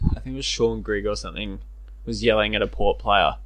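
A man's voice: fairly low pitch, fairly even intonation, a little fast, fairly bright tone. An Australian man co-hosting a sports podcast, chatting casually with jokey asides. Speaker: podcast co-host. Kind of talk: casual footy banter.

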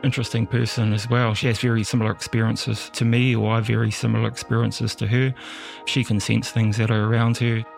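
A man's voice: mid-range voice, gravelly. A man from New Zealand with a New Zealand accent, telling his personal story as a podcast guest and acting out the people he quotes. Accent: New Zealand English. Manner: lively storyteller acting out quoted dialogue, laughing often.

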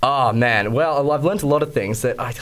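A man's voice: mid-range voice, normal speed, a bit bright. A young Australian man with an Australian accent, an actor chatting about his play in a casual radio interview, hesitant with many fillers and restarts.

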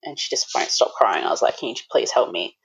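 A woman's voice: extremely low pitch, expressive, fast, vocal fry, breathy edge, rough recording. A woman being interviewed about the birth of her daughter, speaking candidly with lots of "like" and the odd swear word. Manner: candid, full of "like", swears now and then. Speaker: guest. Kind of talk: recounting a personal birth story.

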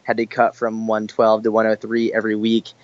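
A fitness coach from Boston, USA, appears as a guest in a casual interview chat, talking energetically and saying "like" a lot. His voice is fairly low and fairly quick. The recording has no room sound, and the highs are cut off.

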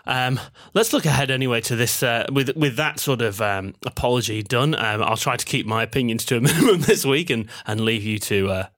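A man's voice: medium pitch, fairly quick, hardly any pauses, a bit bright, dry recording, clean studio sound. A man hosting a casual sports betting podcast, rambling and self-deprecating with lots of ums. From Manchester, England. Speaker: podcast host.

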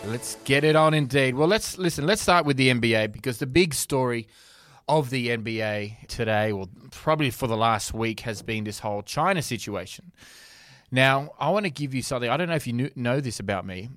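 A man's voice: mid-range voice, animated, brisk, fairly bright tone, no echo, studio quality. A man hosting a casual sports podcast, chatty, laughing easily and often restarting his sentences. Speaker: podcast host.

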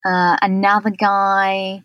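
A woman's voice: medium pitch, monotone, takes it slowly, dry recording, highs cut off. A woman co-hosting a podcast, chatting casually and running through a list of facts with fillers. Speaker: podcast co-host. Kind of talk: casual chat.

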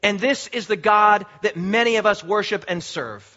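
A man's voice: high voice, moderate pace, pushed and bright. A man preaching a sermon as pastor, emphatic, with repeated words and restarts. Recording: muffled lo-fi sermon recording.

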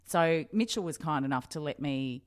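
Low-voiced Australian woman telling stories. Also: moderate pace. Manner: animated, laughing, acts out past dialogue. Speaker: guest journalist. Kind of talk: storytelling interview.

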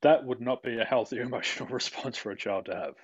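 A man, a mental health practitioner explaining his work in a calm, steady way during a podcast interview. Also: mid-range voice, fast, slightly rough, no echo. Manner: calm, explanatory, with light laughs. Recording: dry, dull lo-fi recording.

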